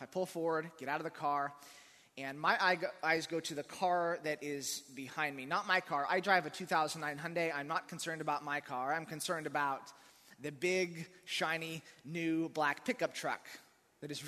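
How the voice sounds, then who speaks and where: A man's voice: fairly high pitch, sharp tone. Man preaching in a reverberant hall. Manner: conversational storytelling, dry humor. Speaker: pastor. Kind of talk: sermon with personal story. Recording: long reverb of a large hall.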